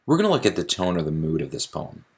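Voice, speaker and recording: A man's voice: low-pitched, wildly swooping pitch, fast, husky. A man teaching a recorded lesson on poetry, explaining step by step and often restarting his sentences. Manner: explanatory, with frequent restarts and fillers.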